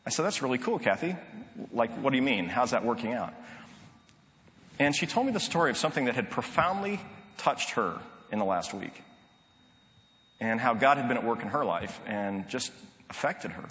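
A man's voice: mid-range voice, sing-song, normal speed, long pauses, a bit bright. Earnest male pastor in reverberant hall. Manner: earnest, conversational storytelling with frequent restarts. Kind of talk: sermon storytelling. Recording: long reverb of a large hall.

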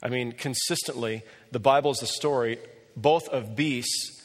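A man preaching a sermon and telling a story with animated delivery, often rising in pitch when he quotes people. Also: moderate pace. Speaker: pastor. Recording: long reverb of a large hall.

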